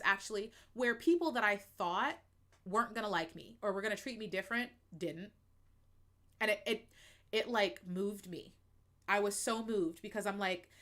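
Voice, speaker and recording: American woman, stream host; frank, expressive, laughs a lot, easy chatty delivery. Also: medium pitch. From United States. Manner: frank, expressive, laughs often, uses fillers like um and like. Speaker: livestream host. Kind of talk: candid personal chat to viewers.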